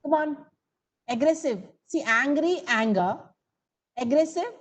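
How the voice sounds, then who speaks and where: A woman's voice: high voice, lively intonation, measured pace, rough recording. A woman teaching grammar in an online coaching class, coaxing students for answers and calling on them by name. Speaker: English teacher.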